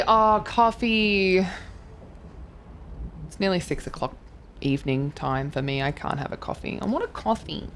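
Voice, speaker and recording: A woman's voice: on the low side, fairly bright tone, a little hiss or hum. A young woman streaming a game, chatting casually, reading chat aloud and reacting with gasps and swearing. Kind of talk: casual live-stream chat while touring game houses.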